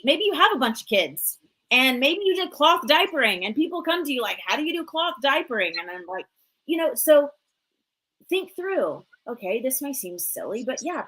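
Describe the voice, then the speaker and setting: Chatty woman coach, 40s, high voice, pumped up, lots of like and you know. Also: rough recording. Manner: energetic, chatty, many fillers. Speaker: host and coach. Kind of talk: motivational live show talk.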